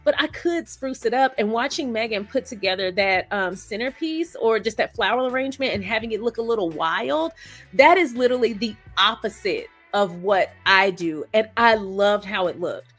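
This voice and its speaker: A woman's voice: mid-range voice, expressive, normal speed, fairly bright tone, faint music behind. A woman hosting a live stream, chatting casually, laughing often and greeting viewers by name. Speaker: host of a live stream discussion. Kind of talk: casual live chat reading viewer comments.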